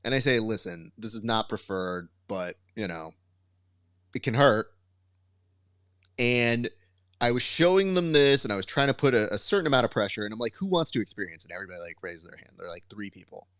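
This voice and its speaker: A man co-hosting a casual grappling podcast as a coach, telling stories in an animated way and acting out the voices of the people in them. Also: on the low side, a little fast, clean tone, no room sound, studio quality. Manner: animated storyteller who acts out quotes.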